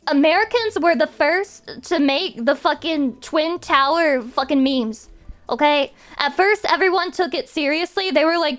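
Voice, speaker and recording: A woman's voice: high-pitched, unhurried, a bit bright. A woman streamer chatting casually with her viewers in a profane, rambling rant.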